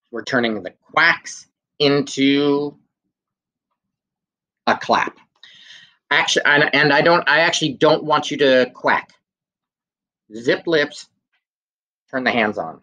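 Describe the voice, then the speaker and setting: A man's voice: mid-range voice, sing-song, slow, pauses often, sharp tone. A young man teaching a children's music class over video, playful and sing-song as he gives clues and sings simple songs. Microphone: handheld phone camera.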